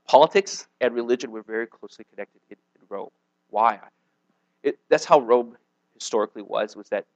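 A man's voice: mid-range voice, no echo, poor audio. A man preaching a sermon in a conversational way, often checking in with his listeners and restarting his sentences. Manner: conversational, checks in with "okay?" and "right?"; frequent restarts and stumbles. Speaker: pastor.

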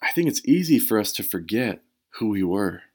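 A man's voice: on the low side, very animated, moderate pace. A man preaching a sermon as a pastor, talking in a conversational and emphatic way, with casual asides to the congregation.

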